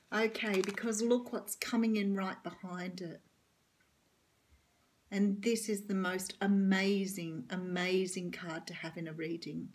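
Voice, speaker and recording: Husky Australian woman reading tarot. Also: medium pitch, darkish tone. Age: middle-aged. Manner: earnest, reassuring, emphatic. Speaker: tarot reader.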